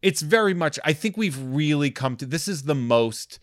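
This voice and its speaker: A man who is a comedian, chatting casually and wryly, often trailing off into quieter asides. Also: fairly high pitch, animated, moderate pace, no room sound, studio quality.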